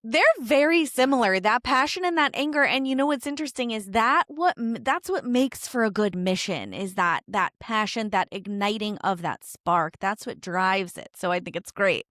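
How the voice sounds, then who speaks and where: A woman's voice: medium pitch, lively intonation, normal speed, hardly any pauses, a bit bright, no room sound, clean studio sound. A woman hosting a podcast, telling a candid personal story and acting out her own inner thoughts in quoted asides. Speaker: podcast host.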